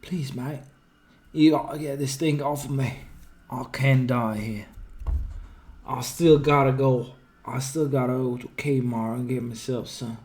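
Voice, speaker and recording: A man's voice: medium pitch, fairly even intonation, measured pace, a little mellow, close to an everyday voice. A man voicing a mousy, crushed man who pleads for help in casual slang, in a video game. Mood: pleading.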